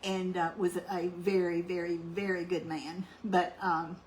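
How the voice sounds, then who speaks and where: Woman, middle-aged, cooking-channel host, soft and rambling, faint hiss behind. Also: fairly low pitch, a little slow, low-quality recording. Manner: soft-spoken, meandering with many ums, gets louder when excited. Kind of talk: heartfelt personal storytelling.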